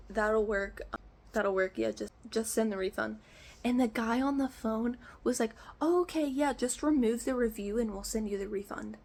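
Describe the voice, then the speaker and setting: A woman's voice: mid-range voice, darkish tone. A young woman vlogger tells a long storytime to her viewers. She rants with real exasperation and acts out each side of the phone calls she recounts. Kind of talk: storytime vlog.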